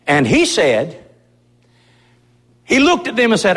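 A man's voice: sits high, wildly swooping pitch, slow, long pauses, a bit bright, breathy edge. A man preaching a sermon as pastor of his church, in an impassioned, emphatic way. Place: church sanctuary. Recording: long reverb of a church hall.

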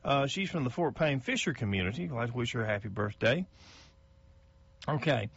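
A man's voice: medium pitch, expressive, brisk, gravelly, a bit bright, slightly rough, dry recording, highs cut off. A middle-aged man, a local radio host reading out birthday announcements in a folksy, chatty way that stumbles over names.

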